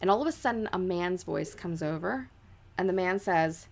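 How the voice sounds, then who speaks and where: A woman's voice: lowish voice, lively intonation, normal speed, gravelly. Chatty woman telling a ghost story. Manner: chatty, many "like" fillers, dramatic quoted voices. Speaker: podcast co-host.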